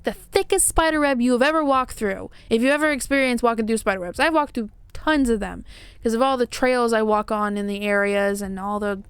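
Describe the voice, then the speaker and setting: A woman's voice: on the high side, clear, resonant tone, dry recording. A woman vlogger telling a personal paranormal story in an emotional, dramatic way, full of fillers and restarts.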